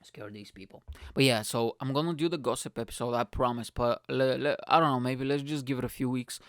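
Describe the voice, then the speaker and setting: A man rants through his own podcast with loud, restless energy, swearing freely and rambling from one thought to the next. His voice sits at an ordinary pitch, and the recording sounds dry and close. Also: brisk, dry recording. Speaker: podcast host. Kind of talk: ranting comedic monologue.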